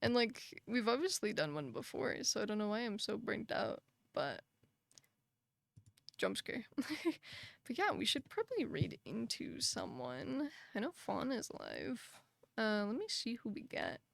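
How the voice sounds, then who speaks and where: A young woman with a slightly high, gravelly, sing-song voice streams live, speaking at a measured pace in a recording without echo. Chatty and sympathetic, she talks with her chat using frequent fillers and soft laughs, seeming somewhat tired and breathless.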